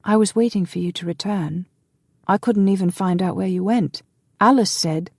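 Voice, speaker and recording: A woman voicing a frail young nobleman, soft-spoken and hesitant, in an audiobook. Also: medium pitch, moderate pace, slightly rough, no room sound, studio quality, voice pushed up. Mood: wistful. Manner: gentle, wistful, soft-spoken.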